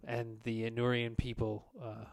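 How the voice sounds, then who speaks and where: Formal army commander read by a man, measured delivery, average pitch, no room sound. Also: completely flat delivery, gravelly, no echo, lightly acted. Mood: solemn. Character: gruff human army commander, formal and grateful.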